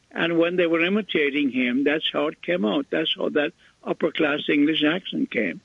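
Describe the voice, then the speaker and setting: An older man hosting a radio show, telling a rambling story in halting casual chat. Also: fairly high pitch, gravelly, slightly rough, no echo. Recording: tinny phone-line radio audio.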